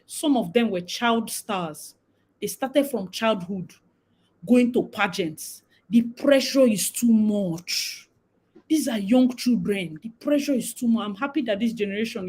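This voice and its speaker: With poor audio, a livestream host's husky, slightly high voice comes through. She's a young woman from Nigeria with a Nigerian accent, chatting casually and animatedly while slipping into Pidgin now and then.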